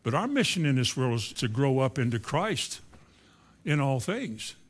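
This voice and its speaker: A man preaching a sermon, moving between quiet asides and loud, emphatic lines. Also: medium pitch, very animated, normal speed, slightly rough.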